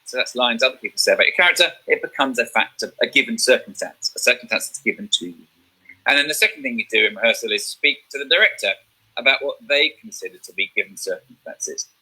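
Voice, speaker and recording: A man's voice: mid-range voice, lively intonation, fast talker, bright, forceful tone, breathy edge, rough recording. A man teaching a drama revision lesson, explaining step by step and checking in with "okay?".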